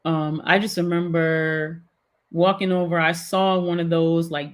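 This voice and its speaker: A woman's voice: lowish voice, a little slow. A middle-aged woman, a guest, animatedly recounting a personal story in casual chat with many fillers. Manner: animated, filler-heavy retelling.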